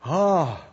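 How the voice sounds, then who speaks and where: A man's voice: on the high side, breathy edge, dull audio. A man preaching a sermon, telling his own testimony in an earnest, emotional way with chuckles between lines.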